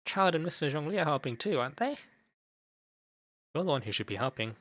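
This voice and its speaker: A man's voice: a little high, big pitch swings, a little fast, fairly bright tone, pitched above the performer's own voice. Paimon, a man reading as a chirpy little fairy. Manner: reads on-screen dialogue aloud. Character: small chirpy female fairy companion.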